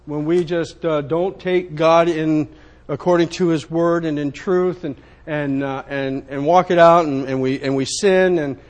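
A man's voice: on the high side, fairly even intonation, a little slow. A man preaching a sermon in an emphatic, repetitive way, speaking to himself as much as his listeners. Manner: emphatic, repetitive, self-including.

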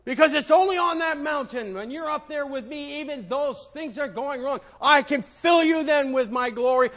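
A man preaching, voicing God as a loving but stern father who gives booming, drawn-out commands. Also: fairly bright tone. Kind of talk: sermon.

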